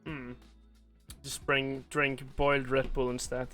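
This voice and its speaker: A man's voice: medium pitch, flat delivery, a little slow, a bit bright, soft background music. A man hosting a casual podcast chat, rambling and joking crudely with lots of fillers. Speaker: podcast host.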